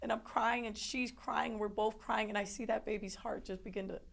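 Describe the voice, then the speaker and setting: Woman, interview guest, gravelly fry in her voice, emotional halting testimony. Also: fairly high pitch, steady tone, a bit bright. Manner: emotional, halting, with many restarts.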